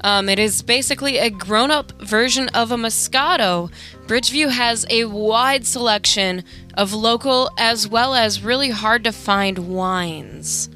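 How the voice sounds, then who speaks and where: A woman's voice: on the high side, measured pace, bright, forceful tone, soft background music. A woman co-hosting a casual podcast, reading product notes with wry asides. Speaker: podcast co-host.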